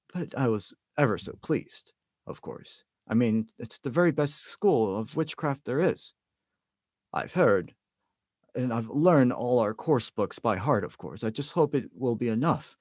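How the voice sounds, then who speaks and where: Bossy, prim schoolgirl witch voiced by a man, rattling on, lively pitch. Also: no echo, studio quality, lightly acted. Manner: fast, prim, lecturing.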